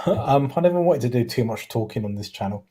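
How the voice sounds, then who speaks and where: A man with a Cockney accent talks in a loose, rambling way. His mellow, warm voice sits at a middling pitch, and he often trips over a word and backs up to fix it. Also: lively intonation, fairly quick, husky. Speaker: podcast co-host. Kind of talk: casual chat.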